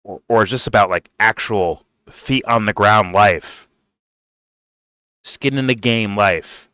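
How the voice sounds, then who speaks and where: A man's voice: fairly low pitch, slow, sharp tone, clear, resonant tone, dry recording, studio quality. A man commenting on a debate clip in a blunt, profane, exasperated rant.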